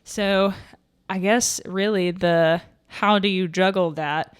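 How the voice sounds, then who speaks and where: A woman's voice: mid-range voice, fairly even intonation, takes it slowly, smooth, dry recording, clean studio sound. A young woman hosting a solo podcast, chatting and thinking aloud with fillers and restarts, slightly out of breath. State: a little out of breath. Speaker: podcast host. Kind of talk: casual solo podcast talk.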